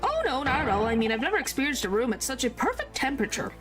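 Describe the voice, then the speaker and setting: A woman's voice: high-pitched, big pitch swings, quick pace, fairly bright tone, faint music behind. A woman voicing a flustered, eager young male lawyer, polite and a little nervous in manner. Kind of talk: reading game dialogue aloud.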